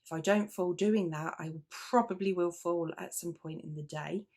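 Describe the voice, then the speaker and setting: On her knitting video podcast, a woman with a British accent talks to camera in a low-ish, slightly mellow voice at a moderate pace. Her chat is casual and meandering, peppered with fillers, side remarks, restarts and self-interruptions.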